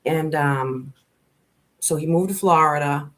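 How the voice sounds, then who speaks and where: A woman's voice: low-pitched, slow pace, a bit bright. A middle-aged woman with a Boston accent, hosting a casual livestream and talking bluntly and profanely in a rambling way. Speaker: livestream host.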